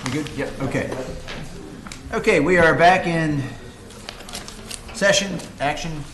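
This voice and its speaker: A man's voice: on the high side, fairly bright tone. Man chairing a meeting, echoey room. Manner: brisk, procedural. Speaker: board chair. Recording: echoey room with background noise.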